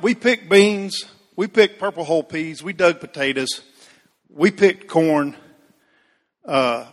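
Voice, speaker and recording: A man preaches in an easygoing, storytelling way, turning to name people in the pews as he goes. His voice sits a bit high and rings out with a long echo through the sanctuary. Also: fairly bright tone. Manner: folksy, addresses congregation members by name. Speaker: Baptist pastor. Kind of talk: storytelling sermon.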